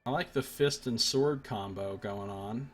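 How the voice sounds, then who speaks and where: A man's voice: on the low side, unhurried, faint music behind. Man mumbling casual game commentary. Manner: musing, half-mumbled remarks. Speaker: let's play host.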